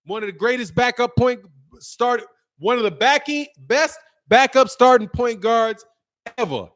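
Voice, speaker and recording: A middle-aged man with a notably high speaking voice riffs loosely on a live stream, teasing and trash-talking in easy banter. He laughs often and keeps the jokes coming, a regular commentator from the Chicago area. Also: a little slow, fairly bright tone, soft background music.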